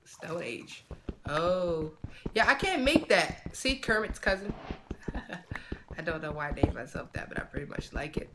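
A man giving casual let's-play commentary, talking to himself in a chatty way with quick excited outbursts. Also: sits high, background noise. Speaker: gaming channel host.

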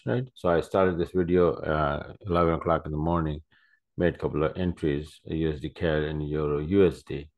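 A man talking casually over his screen while reviewing his trades, rambling with many fillers and correcting himself as he goes. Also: very deep voice. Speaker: forex trader. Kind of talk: casual screen-share trading commentary. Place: at a desk by his computers.

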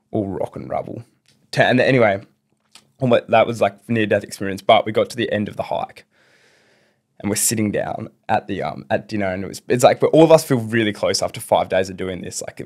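Rambling young man telling a story. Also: fairly low pitch. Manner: rambling, fast, lots of fillers and restarts. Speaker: podcast guest. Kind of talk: casual storytelling.

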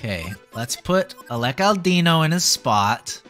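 A young man giving excitable live commentary as a streamer, yelping and groaning at the game. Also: a little high, a little slow, faint music behind. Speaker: VTuber streamer.

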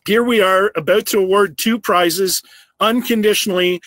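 Male business owner, high-pitched, dry close recording, earnest prepared speech. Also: a bit bright, no room sound. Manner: earnest, storytelling, with slow emphatic phrases.

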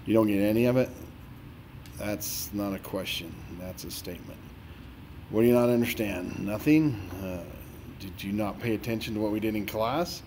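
A man's voice: lowish voice, normal speed, a little mellow, a little hiss or hum. A man playing a math teacher who walks a student through a problem, scolding and sarcastic about the student not paying attention. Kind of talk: dramatized tutoring walkthrough.

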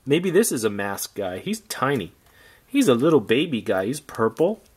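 A man's voice: mid-range voice, sing-song, normal speed, husky. Wry man rambling through a toy unboxing. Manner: rambling, wry, jokey asides. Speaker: toy collector vlogger. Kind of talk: casual unboxing commentary.

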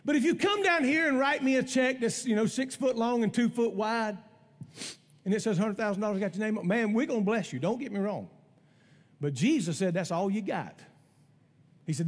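A man's voice: high-pitched, fairly quick. A middle-aged man preaching a sermon in a church, folksy and emphatic in his conversational style. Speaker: pastor. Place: church sanctuary. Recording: long church hall reverb.

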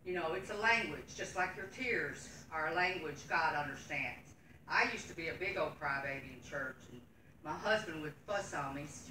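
A middle-aged woman teaching a Sunday school class, speaking earnestly and homely as she reads scripture. Her voice is low-pitched and bright, picked up from a distance in an echoing church room with faint background ambience. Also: lively intonation, a little fast, slight background noise. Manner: earnest, folksy, nervous, reading scripture aloud. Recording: echoey room from far off.

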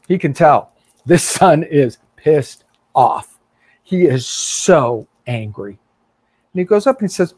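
A man's voice: on the high side, a little mellow, dry recording. Earnest man preaching a story. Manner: vivid storytelling, acting out quotes; earnest, inviting. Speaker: pastor. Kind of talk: sermon.

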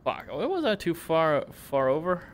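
A man's voice: fairly high pitch, very animated, moderate pace, slight background noise. A man streaming a shooter game live, swearing and muttering to himself as he plays. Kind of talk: live gameplay chat.

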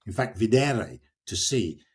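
An older man, an author, talking with passion about poetry and reading verse aloud with slow, dramatic emphasis. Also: on the low side, husky. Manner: expressive, reads verse aloud slowly and dramatically. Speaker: author and guest. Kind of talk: passionate literary discussion.

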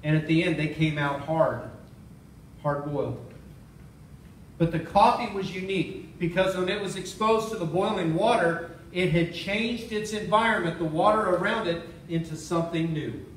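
High-voiced preacher in an echoey church. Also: male voice, moderate pace, far from the mic, a little hiss or hum. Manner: storytelling preacher, repeats key phrases. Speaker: pastor. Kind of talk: sermon. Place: church sanctuary.

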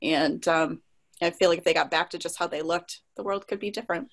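A woman's voice: fairly low pitch, a little fast. A woman chatting casually in a web conference discussion, full of likes and restarts.

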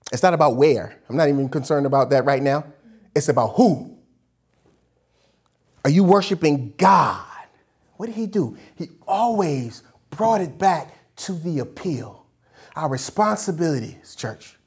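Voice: mid-range voice, husky. A pastor preaching a sermon in a casual, colloquial way, emphatic, repeating key phrases and answering their own questions.

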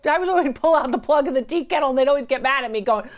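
Woman from the United States, middle-aged, appraiser, slightly high-pitched, emphatic, anecdotal. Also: very fast. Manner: emphatic, chatty, digressive with anecdotes. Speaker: antiques appraiser. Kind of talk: appraisal tips to camera.

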